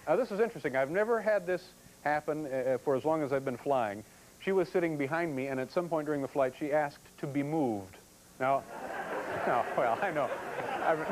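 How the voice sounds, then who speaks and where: Wry male talk show host, deadpan jokes. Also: fairly high pitch, low-quality recording. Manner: wry, deadpan joking banter. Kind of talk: comedy monologue. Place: TV studio before a live audience. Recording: clear studio audience noise.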